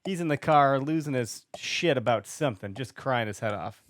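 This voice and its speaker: A man co-hosting a podcast in a studio, chatting casually and telling stories with lively acted-out voices. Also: medium pitch, normal speed, dry recording. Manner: animated storyteller, acts out voices. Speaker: podcast co-host. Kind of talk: casual chat.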